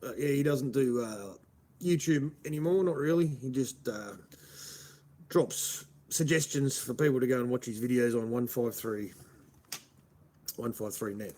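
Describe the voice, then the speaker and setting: An Australian man chatting loosely on his livestream, rambling from one thing to the next. He answers viewers and calls them mate in a mid-pitched, everyday voice. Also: measured pace, warm tone, a little hiss or hum. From Melbourne, Australia. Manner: rambling, answers chat, says "mate" a lot. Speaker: live streamer. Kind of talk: casual livestream chat.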